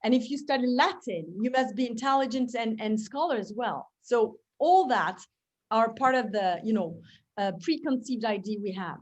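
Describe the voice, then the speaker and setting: A middle-aged French woman with a French accent, speaking English as a guest in a relaxed interview, animated with frequent fillers and restarts. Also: fairly high pitch, moderate pace. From France. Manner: expressive, many fillers and restarts. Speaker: speechwriter guest. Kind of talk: conversational interview.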